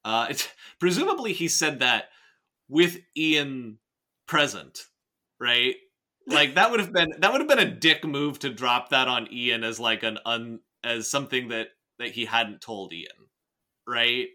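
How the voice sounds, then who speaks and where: A man's voice: mid-range voice, expressive, unhurried, bright, forceful tone. A man hosting a casual podcast, rambling and joking, with frequent swearing and restarts as he picks apart a novel. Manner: rambling, jokey, swears often, many restarts. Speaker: podcast host reading and analyzing a novel.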